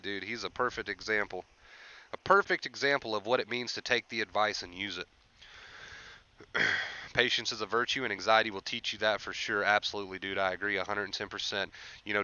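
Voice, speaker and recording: Bright, clear-voiced man livestreaming. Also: lowish voice, no echo, muffled recording. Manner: encouraging, conversational, reads chat aloud. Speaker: livestream host, anxiety recovery coach. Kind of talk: casual livestream chat.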